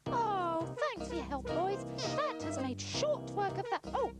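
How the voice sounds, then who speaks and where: A woman voicing a sweet, sensible young female panda puppet who talks in a gentle, coaxing way. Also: very high-pitched, big pitch swings, a little slow, loud music behind the voice, full character voice. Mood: cheerful. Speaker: puppet character.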